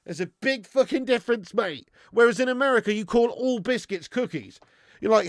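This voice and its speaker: A man's voice: very high voice, expressive, normal speed, gravelly, no room sound, clean studio sound. A man hosting a live stream, bantering with viewers in casual, sweary chat and laughing often.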